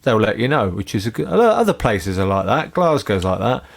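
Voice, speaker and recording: A man hosting a relaxed chat podcast. He riffs playfully on what his guest says and keeps the conversation light and joking. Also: on the low side, moderate pace, gravelly. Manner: jokey, riffs with playful mock heckles. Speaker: podcast host.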